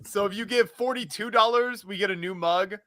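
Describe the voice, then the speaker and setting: Upbeat bright-voiced livestream host man. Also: high-pitched, a little fast, no echo, clean studio sound. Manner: upbeat, reads donor names and incentives. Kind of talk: casual livestream chat.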